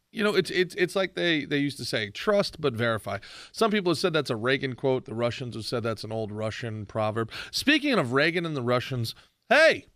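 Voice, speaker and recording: A man hosting his own podcast, ranting sarcastically about politics in a mocking, animated way. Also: fairly high pitch, clear, resonant tone, dry recording, clean studio sound. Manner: sarcastic, mocking, animated rant with shouted impressions. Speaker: podcast host.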